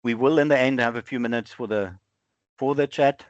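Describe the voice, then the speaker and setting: A man runs a live software demo during an online webinar with screen sharing, thinking out loud conversationally and frequently correcting himself amid halting fillers. His voice sits in the mid-range with no room sound, and the audio is dull, dry, lo-fi call quality.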